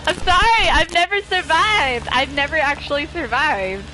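A woman talks through a game as she plays, excitable and easily panicked, often breaking into laughter. Her voice sits high and swings widely, with a bright, sharp edge. She takes her time between bursts of alarm, and faint game music plays underneath. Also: measured pace, few pauses, low-quality recording. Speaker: gamer streaming with friends. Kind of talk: live gaming commentary.

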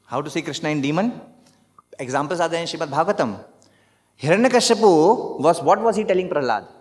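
A man's voice: a little high, expressive, fairly quick, darkish tone, in a large hall. A man with an Indian English accent giving a scripture class sermon, emphatic and often putting questions to the audience. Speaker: preacher. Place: temple hall.

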